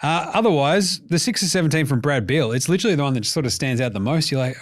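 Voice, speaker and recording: A man with an Australian accent chatting casually as a sports podcast host. His voice sits a little high and he talks with a jokey, animated edge, swearing freely as he goes. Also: fast, few pauses.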